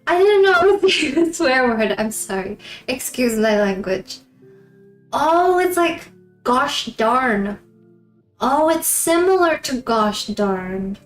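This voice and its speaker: A woman's voice: sits high, sing-song, takes it slowly. A woman live streamer chatting casually with her viewers, giggling often between remarks. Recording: roomy echo, faint background music.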